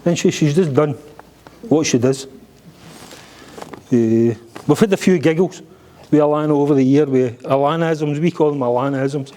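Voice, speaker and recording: A man's voice: on the high side, normal speed, pauses often, mellow. A middle-aged Scottish man giving a joking, blunt father-of-the-bride speech at a wedding reception, swearing freely.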